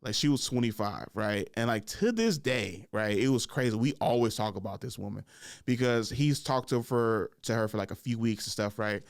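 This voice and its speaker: A man's voice: on the low side, lively intonation, moderate pace, no room sound, studio quality. A man in his thirties hosting a podcast, telling a story casually with frequent laughs and "like" and "right?" fillers. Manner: laughs often, fills with "like" and "right?". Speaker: podcast host.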